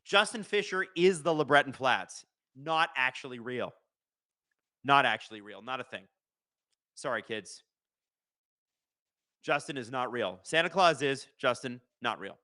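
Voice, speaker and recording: Bright-voiced man streaming. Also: medium pitch, lively intonation, measured pace, pauses often, dry recording. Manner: jokey, reads viewer comments aloud. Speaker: host of a live watch-along stream. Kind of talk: casual live-stream chat and play-by-play.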